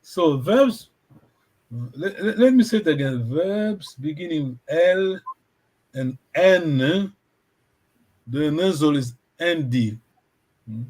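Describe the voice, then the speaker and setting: Patient male tutor on a video call, unhurried delivery, voice a touch high. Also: expressive, a little mellow. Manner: patient, keeps checking that students follow. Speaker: language teacher. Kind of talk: online language lesson.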